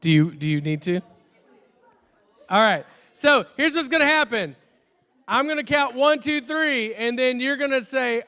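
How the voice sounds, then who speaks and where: A high, bright-voiced man leading a youth service, chatty and prone to restarts. His words ring out with a long reverb from a large church hall. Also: moderate pace, smooth. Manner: chatty, restarts often, jokes self-deprecatingly. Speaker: youth pastor. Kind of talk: youth service announcements and prayer.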